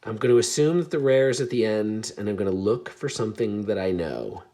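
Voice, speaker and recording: A man casually chatting to his viewers while opening trading card packs, chatty and self-deprecating, with bursts of excitement. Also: on the low side, fairly quick. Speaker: card pack opening vlogger. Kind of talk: casual pack-opening commentary.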